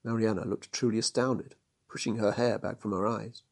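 Husky man reading a story aloud. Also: fairly low pitch, fairly even intonation, moderate pace, a little mellow. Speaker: narrator. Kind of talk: storybook narration.

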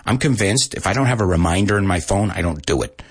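A man hosting a casual live English lesson, joking and laughing often at himself and spelling out letters slowly. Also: low-pitched, expressive, husky, dry recording, studio quality. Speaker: live-stream host teaching English.

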